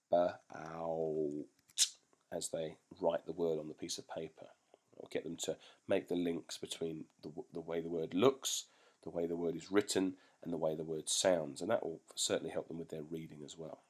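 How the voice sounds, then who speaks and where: A man's voice: low voice, darkish tone. A male teacher patiently explaining a home routine to parents, step by step.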